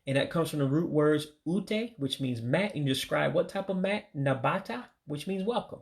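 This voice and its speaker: Male from the US, gravelly voice, runs a casual vocab lesson, slow patient repetition of each word. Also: fairly high pitch, animated. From United States. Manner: religious sign-offs. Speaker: language learner teaching vocabulary.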